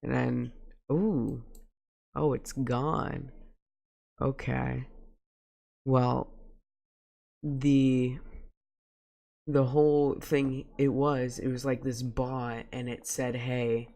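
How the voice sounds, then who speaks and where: A man's voice: mid-range voice, level tone, very slow, creaky, pauses often, dark tone. A man casually talking over a screen recording, rambling through a story with restarts. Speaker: gaming video creator.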